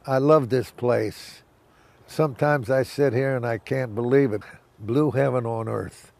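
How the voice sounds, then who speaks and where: A man's voice: medium pitch, measured pace, vocal fry, darkish tone. A former baseball manager reminiscing casually, a folksy storyteller who acts out the voices in his anecdotes.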